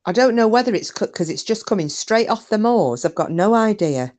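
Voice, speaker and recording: A woman's voice: mid-range voice, animated, brisk, darkish tone. A woman hosting a casual live chat, laughing often and swearing casually. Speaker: live stream host. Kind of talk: casual chat reading viewer comments. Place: home, windy day.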